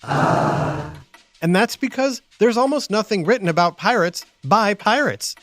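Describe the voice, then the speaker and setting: A man with a high, lively, swooping voice narrates a children's history podcast. His delivery is playful and theatrical. Music plays under his words. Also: measured pace, dry recording. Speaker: host and narrator.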